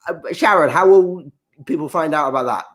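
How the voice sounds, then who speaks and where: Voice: mid-range voice, brisk. A comedy show host wrapping up casually over a video call, rambling with plenty of fillers.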